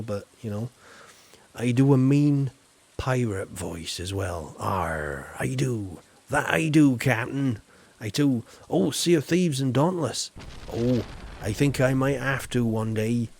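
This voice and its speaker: A man's voice: mid-range voice, a little mellow. A man chatting casually on a live game stream, rambling and reading chat aloud.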